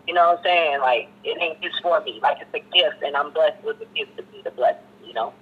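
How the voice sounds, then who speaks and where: A man's voice: a little high, fairly quick, breathy edge, phone-quality sound. A man who is a rapper, talking casually and laid-back as a guest in a radio interview, often saying "you know what I'm saying.".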